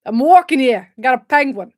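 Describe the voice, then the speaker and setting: A woman putting on a brash, street-tough New York man with an exaggerated mock New York accent, loud and clipped. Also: high voice, lively intonation, moderate pace, no room sound, clean studio sound.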